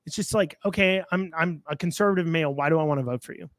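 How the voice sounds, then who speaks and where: A man's voice: on the high side, quick pace, no echo, clean studio sound. A man giving blunt, sarcastic political commentary, with frequent fillers and restarts.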